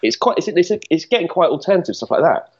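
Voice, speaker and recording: Male co-host, jokey and teasing, expressive pitch, slightly dull lo-fi sound. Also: fast. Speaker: podcast co-host. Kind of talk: casual chat.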